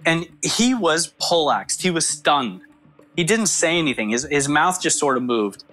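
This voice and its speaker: A man's voice: on the high side, a little slow, faint music behind. Man telling a tense story animatedly. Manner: acts out quoted dialogue with lively shifts. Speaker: former FBI agent telling his story.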